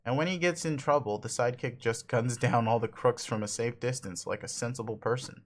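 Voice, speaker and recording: A man's voice: medium pitch, a little fast, natural voice. A man voicing a chatty, upbeat young adventurer who rambles with old-fashioned words while reading a comic aloud. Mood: rambling.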